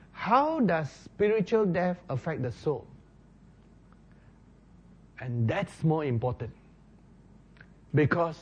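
Male preacher, fairly high voice, unhurried emphatic delivery, questions to the congregation, dull lo-fi recording. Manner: slow, emphatic, rising to loud stresses on key words; asks the listeners questions. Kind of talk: sermon with Bible exposition.

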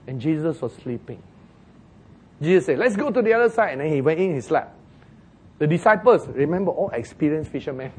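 A man preaching a sermon as pastor, telling the story in an animated way, acting out the quoted voices and chuckling at his own jokes. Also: on the high side, husky.

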